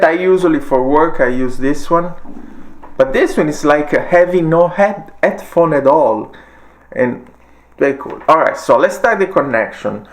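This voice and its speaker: Man with an Italian accent, halting. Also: a little high. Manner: halting, frequent uh fillers, non-native grammar. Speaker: tech reviewer. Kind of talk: casual product demo.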